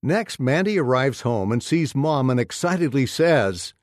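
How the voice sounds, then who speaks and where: A man's voice: mid-range voice, big pitch swings, unhurried, no echo, studio quality. A man narrating a children's story in a scripted, announcer-like way.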